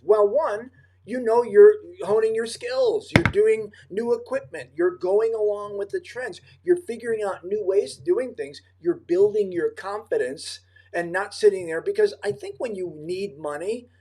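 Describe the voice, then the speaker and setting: A male host with a somewhat high voice leads a casual livestream chat. He speaks emphatically and spins anecdotes. He acts out what others said as he goes. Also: normal speed, a little mellow, breathy edge. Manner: emphatic, storytelling, acts out quoted dialogue.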